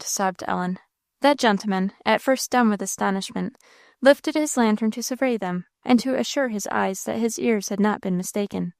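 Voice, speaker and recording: Female audiobook narrator, measured storytelling, dry close recording. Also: mid-range voice, vocal fry, no room sound.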